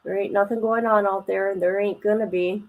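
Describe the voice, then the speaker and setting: A woman's voice: medium pitch, fairly even intonation, fairly quick, phone-quality sound. A woman hosting a casual livestream, chatting colloquially, reading viewer comments aloud and laughing often. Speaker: livestream host.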